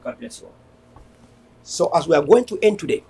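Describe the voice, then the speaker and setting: His voice is high-pitched, expressive, and slightly fast, creaky and dark-toned with a breathy edge. This Cameroonian online TV host gives a defiant, passionate political talk that often becomes a sermon, leaning on repeated rallying lines.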